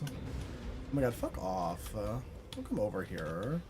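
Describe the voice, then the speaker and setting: A woman streamer giving chatty, expressive live commentary while she plays, full of quick reactions and playful complaints. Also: very deep voice, music in the background.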